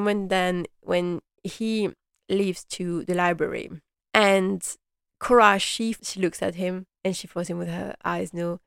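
Chatty woman recapping, low voice, dry sound. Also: clean tone, no echo. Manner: chatty and rambling, many "like" and "you know" fillers; gushing and animated. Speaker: host recapping a TV drama. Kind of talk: casual recap chat.

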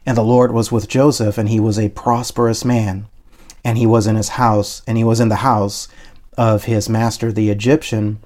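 A man's voice: lowish voice, a little mellow. A man preaching an online sermon, emphatic and repetitive, calling his listeners "guys" and leading them in spoken confessions.

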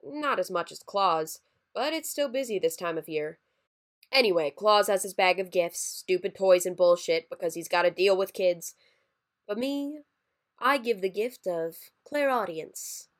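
A woman's voice: mid-range voice, measured pace, close to an everyday voice. A woman voicing a scheming reptilian male Santa creature in a story reading, eager and wheedling. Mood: persuasive.

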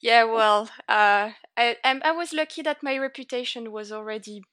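Young french-accented woman, chatty and laughing, bright voice, dry close sound. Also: on the high side, moderate pace, no room sound. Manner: chatty, laughs often, many fillers. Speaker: guest. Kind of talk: casual interview.

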